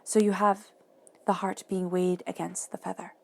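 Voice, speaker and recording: A woman giving a monthly tarot reading, talking softly and reflectively and repeating phrases for emphasis. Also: lowish voice, level tone, moderate pace, creaky. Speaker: tarot reader.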